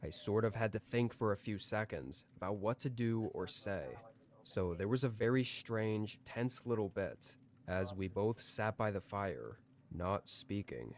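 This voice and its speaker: A man calmly reading out a scripted first-person horror story. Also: fairly low pitch, measured pace, a little hiss or hum.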